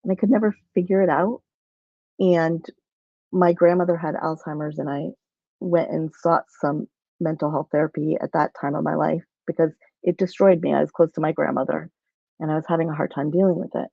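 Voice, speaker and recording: A woman's voice: low voice, fairly even intonation, fairly quick, gravelly, breathy edge, no echo, highs cut off. A woman telling a personal story in a rambling way, with many restarts, on a video call. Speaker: guest.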